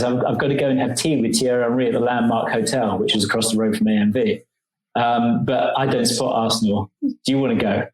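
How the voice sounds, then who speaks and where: A man's voice: medium pitch, a little mellow. Man chatting in an echoey room. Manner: chatty storyteller, lots of fillers. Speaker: podcast co-host. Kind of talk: casual chat over video call. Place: home room. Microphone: video call. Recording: echoey home room on video call.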